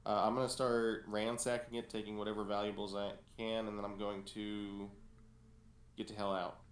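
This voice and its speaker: A man's voice: on the low side, little pitch movement, normal speed. A man playing a tabletop game, laid-back and casual. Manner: laid-back, repeats himself. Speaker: player. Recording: roomy with faint noise.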